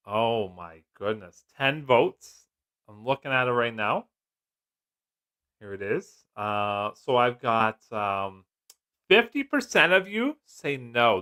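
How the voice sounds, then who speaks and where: A man's voice: mid-range voice, sharp tone. A middle-aged man hosting a casual live stream, jokey and chatty, laughing often as he reads comments. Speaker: livestream host.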